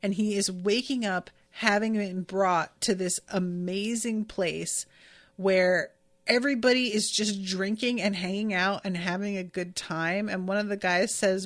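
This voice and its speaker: A woman's voice: medium pitch, fairly even intonation, unhurried. A woman hosting a podcast and casually recapping an episode, gushing and swearing freely. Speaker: podcast host.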